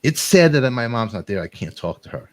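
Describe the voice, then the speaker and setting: A middle-aged man hosting a talk show, rambling through animated, emotional storytelling and quoting friends. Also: mid-range voice, fairly quick. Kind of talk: emotional casual chat.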